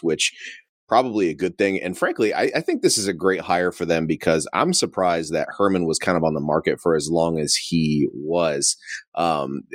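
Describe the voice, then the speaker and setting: A man's voice: very deep voice, no echo, clean studio sound. A man co-hosting a casual sports podcast, easygoing and self-deprecating, laughing at his own slips. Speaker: podcast co-host.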